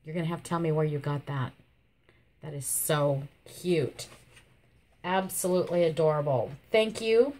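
A woman hosting a casual vlog, gushing with repeated thanks and praise, her voice hoarse and catching from a coming cold. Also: low voice, normal speed, warm tone. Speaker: channel host showing a viewer's craft entry.

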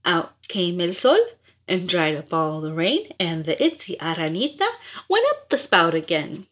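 A woman's voice: fairly low pitch, very animated, measured pace, fairly bright tone. A woman reading nursery rhymes aloud in a playful, rhythmic, sing-song way. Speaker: storyteller.

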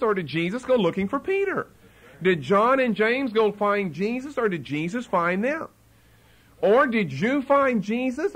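A male pastor delivering a Bible study sermon, his voice sitting a little above the usual male register and swinging widely in pitch as he presses each point. He hammers key phrases by repeating them and keeps an emphatic, pulpit-style delivery throughout. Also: a bit bright.

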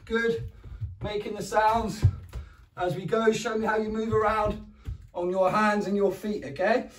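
A man's voice: little pitch movement, unhurried, soft background music. A man with an English accent leading a home PE lesson for young children, encouraging them, counting down and often praising them. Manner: makes animal noises, roars and squeaks. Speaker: primary school PE teacher. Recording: echoey room, mic far away.

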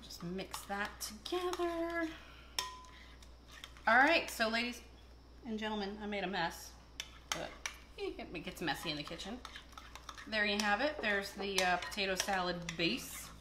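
A woman's voice: medium pitch, expressive, normal speed, background noise. A woman hosting a casual cooking video, chatting and telling rambling stories while she works in a kitchen. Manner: chatty, rambling storyteller with fillers. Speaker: cooking show host. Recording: echoey kitchen with clattering dishes.

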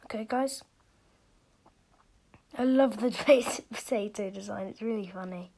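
A woman's voice: mid-range voice, a little slow, dark tone. A woman giving casual gameplay commentary, frustrated, often dropping to a whisper. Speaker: gaming video creator.

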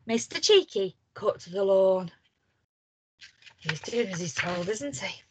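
Animated woman reading a kids' story. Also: mid-range voice, takes it slowly, background noise. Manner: animated, asks the children questions. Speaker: primary school teacher. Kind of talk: reading a picture book aloud to children.

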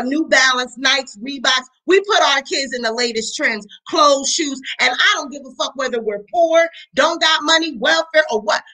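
Heated woman host, high voice, cussing through her commentary. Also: pushed and bright, poor audio. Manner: blunt, profane, heated. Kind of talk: reaction commentary.

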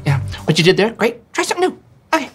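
A tiny, happy older director chirping quick encouragement in a voice pitched far up, as a man does an impression. The delivery is bright and bouncy, with faint music underneath. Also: sing-song. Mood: chirpy. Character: older male film director, small, cheerful, chirpy.

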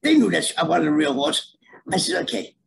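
This middle-aged storyteller guest talks a little fast in a voice on the high side, with vocal fry, over a rough recording with slight background noise. He's animated and streetwise, casually telling his story and performing the voices in it.

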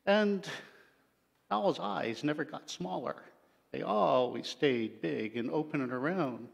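A man's voice: on the high side, takes it slowly, creaky. A male pastor telling an animal story during a sermon, acting out the creatures as he goes. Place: church sanctuary. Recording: long church-hall reverb.

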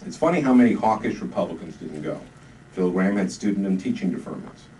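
Deadpan man reading his comic book. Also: sits low, a little fast. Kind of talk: comic reading to a live audience. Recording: distant mic, noisy live room.

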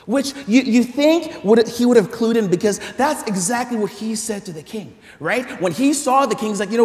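A man preaching a sermon in a large church hall, animated and conversational, with stumbling restarts and asides to the congregation. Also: high-pitched, moderate pace, few pauses. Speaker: pastor.

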